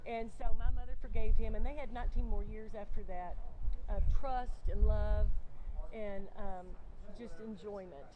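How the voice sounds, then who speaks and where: A woman's voice: mid-range voice, fairly even intonation, moderate pace, a crowd in the background, rough recording. A woman guest sharing a personal faith testimony in conversation, earnest, often acting out her own past dialogue. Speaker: interview guest. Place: outdoors on a bench.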